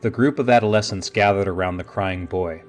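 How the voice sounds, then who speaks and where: A man narrating a fantasy story in a steady, measured storytelling voice. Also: sits low, soft background music. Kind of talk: audiobook narration of his own fantasy novel.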